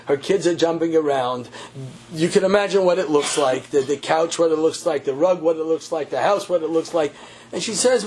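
Husky, high-pitched man preaching through an animated story. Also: normal speed. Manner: animated, repeats phrases for emphasis. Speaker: religious teacher. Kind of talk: sermon storytelling.

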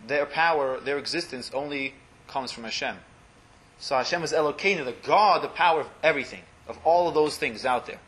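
A man leads a small religious class, stepping through blessings and translating each one. His voice is bright and a little higher than most men's, and he often sinks into a soft, trailing murmur as he explains. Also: a little fast. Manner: explanatory, translating Hebrew phrases line by line, often trails off quietly. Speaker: Torah class teacher.

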